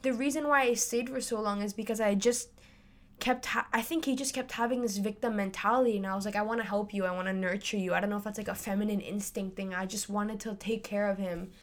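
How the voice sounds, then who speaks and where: A woman's voice: mid-range voice, steady tone, brisk. A young woman hosting a podcast, telling a personal story in a candid, chatty way full of fillers. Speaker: podcast host. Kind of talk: casual chat.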